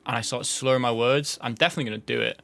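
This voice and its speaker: A man's voice: medium pitch, very fast, bright, forceful tone. A man giving casual, rambling gameplay commentary, his words running together, full of fillers and swearing.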